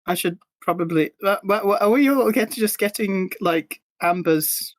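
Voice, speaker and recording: A giggly speaker chats casually on a live stream. They laugh through their own stories and keep restarting their sentences. The voice sits at a middle pitch. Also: normal speed. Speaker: podcast team member.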